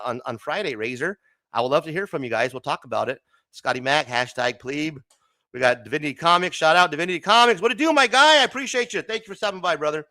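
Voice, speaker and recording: In his thirties and from Arizona, a man runs a comics livestream full of casual, rambling, friendly chatter, cursing nonstop and laughing a lot. His voice sits on the high side with a sharp tone, and there's no echo.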